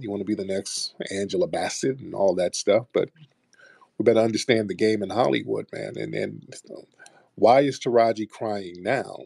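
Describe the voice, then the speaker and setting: A male talk-show host with a blunt, sarcastic, streetwise delivery. His voice is low, warm and a little husky, and it sounds dry and close. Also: no room sound. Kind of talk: live-streamed talk show commentary.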